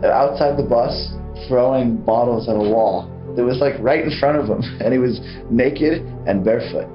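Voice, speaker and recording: A man, a band vocalist, telling stories casually in an interview with relaxed slang and a ready laugh. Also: mid-range voice, normal speed. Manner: laid-back, slangy, laughing as he tells stories. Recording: archival interview, roomy and dull with music.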